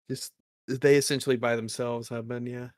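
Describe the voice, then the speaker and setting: A man's voice: medium pitch, little pitch movement, unhurried, no echo, studio quality. A man chatting casually on a livestream, rambling with lots of "like" and false starts. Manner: rambling, full of "like" and restarts. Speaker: co-host, tabletop player.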